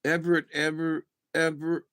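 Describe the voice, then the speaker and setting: A man's voice: fairly high pitch, monotone, moderate pace, fairly bright tone, clean tone, dry recording. A man talking in a rambling, casual monologue to his camera, losing his train of thought, chuckling and swearing offhandedly. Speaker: vlogger.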